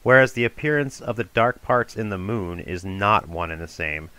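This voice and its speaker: A man with a lowish voice and a bright, forceful tone reads an ancient dialogue aloud. His delivery is measured and formal, and he slows down for the verse passages. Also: dry recording, low-quality recording. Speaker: reader of a classical dialogue. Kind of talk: audiobook reading of an ancient dialogue.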